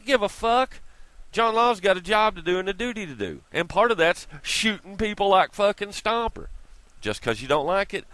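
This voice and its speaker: A man's voice: high-pitched, sing-song, moderate pace, fairly bright tone, no echo. A man ranting in a vlog, irritated, profane and sarcastic, talking close to the mic. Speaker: vlogger. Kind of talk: profane opinion rant.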